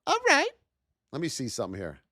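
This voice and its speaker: A man's voice: medium pitch, wildly swooping pitch, brisk, bright, forceful tone, no room sound, studio quality. A man in his thirties hosting a live trading stream, hyped up, calling out viewers' names and calling them his beauties. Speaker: trading educator and livestream host.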